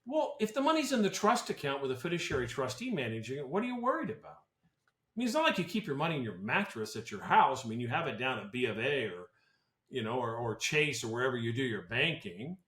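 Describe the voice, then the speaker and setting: A man's voice: mid-range voice, very animated, fast, fairly bright tone. A man who advises on tax planning talks on a podcast in a casual, blunt and opinionated way, often restarting his sentences. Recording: roomy echo.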